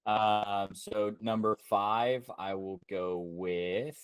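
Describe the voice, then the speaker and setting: A man's voice: on the low side, fairly even intonation, very slow, clear, resonant tone, no room sound, low-quality recording. A man on a video call co-hosting a movie podcast, joking dryly as he ranks films. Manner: dry joking. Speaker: podcast co-host. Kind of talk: casual movie-ranking chat.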